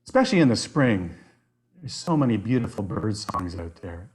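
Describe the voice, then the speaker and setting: A man presenting an online workshop on nature activities, enthusiastic and given to animated storytelling. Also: fairly low pitch, normal speed. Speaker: outdoor educator, workshop presenter.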